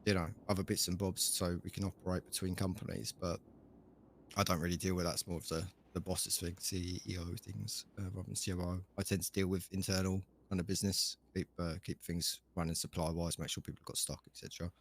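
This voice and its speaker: A man's voice: deep voice, flat delivery, brisk, a little hiss or hum. A man playing a chatty, easygoing shop manager in a game role-play, rambling with lots of fillers. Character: laid-back male shop manager, chatty. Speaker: shop chief operating officer.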